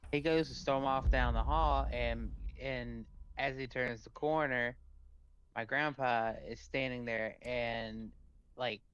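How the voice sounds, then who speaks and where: A man on voice chat, telling a story haltingly in casual talk and warning about enemies. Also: medium pitch, steady tone, a bit bright, clean tone. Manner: halting storyteller, repeats and restarts words. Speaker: teammate on voice chat. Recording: dull, dry voice chat line.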